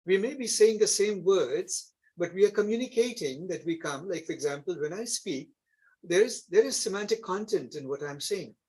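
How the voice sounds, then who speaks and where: A man with an Indian accent gives a classroom lecture. His voice sits fairly high and sounds husky. He explains step by step and keeps checking in with the class through short tag questions. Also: animated, normal speed, darkish tone, poor audio. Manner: explanatory, frequent tag questions like "isn't it?" and "right?". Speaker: instructor.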